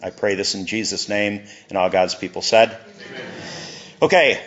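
A man's voice: on the low side, moderate pace, fairly bright tone, muffled recording. A middle-aged male pastor giving a conversational sermon, with chuckles and asides.

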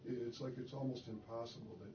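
A man's voice: medium pitch, steady tone, fast talker, background noise. A man in a Bible study group, talking hesitantly with restarts. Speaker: church member in Bible study. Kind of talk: casual discussion. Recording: echoey room, far from the mic, lo-fi.

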